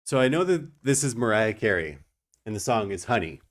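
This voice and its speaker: A man's voice: lowish voice, big pitch swings, brisk. A young man streaming a card game, explaining his moves and joking with his chat. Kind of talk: casual gameplay commentary.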